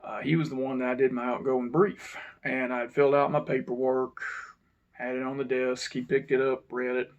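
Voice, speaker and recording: A man, telling a personal story to his channel's viewers in an unhurried, reflective way that sometimes drops to a low mutter. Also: level tone, highs cut off. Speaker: channel host. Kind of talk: casual storytelling monologue.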